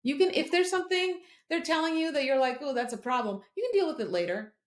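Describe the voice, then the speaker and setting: A middle-aged woman, a podcast guest, telling a personal story in an earnest, animated way and acting out the voices of other people. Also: sits high, quick pace. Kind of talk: conversational storytelling. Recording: roomy echo.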